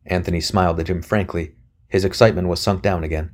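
Low-voiced male audiobook narrator. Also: fairly even intonation, quick pace. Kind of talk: scripted narration.

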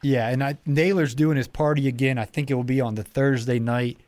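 A man's voice: mid-range voice, steady tone, a little fast, darkish tone, no room sound, clean studio sound. A man hosting a podcast, chatting casually in a rambling way with many restarts. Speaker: podcast host. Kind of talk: casual interview chat.

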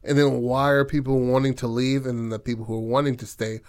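A man's voice: mid-range voice, flat delivery, brisk, darkish tone. A man with a mid-range voice talks loosely through his story ideas. He halts and restarts, and he fills the gaps with "like" and "you know what I mean.". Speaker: co-writer planning a film. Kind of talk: casual brainstorming chat.

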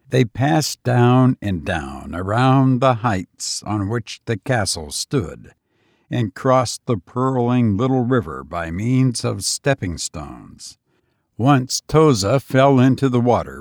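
A man reading a story aloud in a steady, unhurried way. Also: mid-range voice, dry recording, clean studio sound. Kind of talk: storybook narration.

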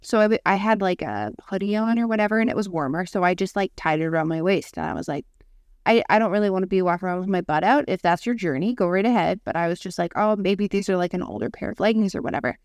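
A woman in her thirties co-hosts a casual podcast, telling stories in an animated way. Her pitch rises and falls widely as she acts out the people she quotes. The sound is close and dry. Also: quick pace, hardly any pauses, dry recording. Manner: animated storytelling with acted-out quotes. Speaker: podcast co-host. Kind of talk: casual chat.

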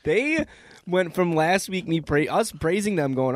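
A man's voice: fairly high pitch, normal speed, no echo, studio quality. A man co-hosting a casual sports podcast, trading opinions and laughs with his co-host. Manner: animated, opinionated, laughs a lot. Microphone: desk mic.

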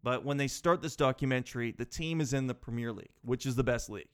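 A man talking in a rambling, animated way, asking himself rhetorical questions and swearing casually. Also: medium pitch, fast, clear, resonant tone. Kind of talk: casual chat.

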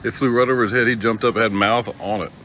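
A man's voice: lowish voice, steady tone, fast talker, noisy background. A middle-aged man hosting a casual live stream, rambling and joking as he greets viewers by name.

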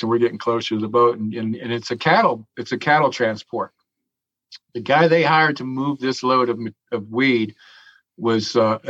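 A man's voice: mid-range voice, fairly bright tone, muffled recording. A man telling a long story in an interview, swearing freely and chuckling as he goes. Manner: profane, chuckling, drawn-out storyteller. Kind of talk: casual storytelling.

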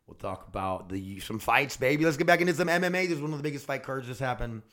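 A young man talks into his own podcast mic with an average-pitched voice. He rambles freely and excitedly, and his speech is loose and sprinkled with swearing. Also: fast talker. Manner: casual, profane, excitable rambling. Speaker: podcast host. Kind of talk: rambling solo podcast chat.

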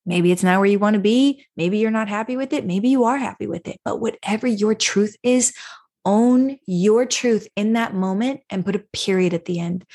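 A woman's voice: on the high side, darkish tone. A woman hosting a parenting podcast, coaching listeners emphatically and acting out example phrases. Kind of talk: solo podcast teaching.

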